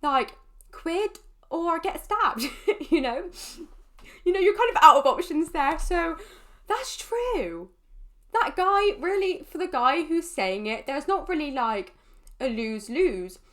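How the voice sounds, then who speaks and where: A woman with a high voice chatting in a casual reaction video. She rambles along, filling her talk with little fillers. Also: expressive, takes it slowly, a bit bright. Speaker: YouTuber reacting to a comedy clip.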